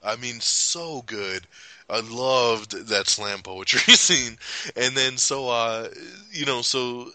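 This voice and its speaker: A man's voice: medium pitch, takes it slowly, sharp tone, dry recording. A man hosting a podcast, chatting casually about a film, rambling, swearing freely and laughing a lot. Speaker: podcast host. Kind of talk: casual movie review chat.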